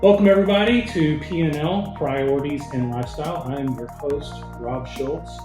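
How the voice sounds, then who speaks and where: A man's voice: fairly high pitch, normal speed, music in the background. A man hosting a podcast, chatting in a friendly, conversational way and reading out his guest's background. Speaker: podcast host. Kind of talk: casual podcast interview. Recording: roomy echo.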